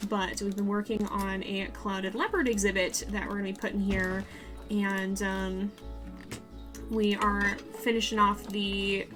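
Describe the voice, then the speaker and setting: A woman streams a zoo-building game and talks in a Southern US accent, rambling on to her chat with frequent laughs and restarts. Her voice sits at an everyday middle pitch. Soft music plays faintly behind her.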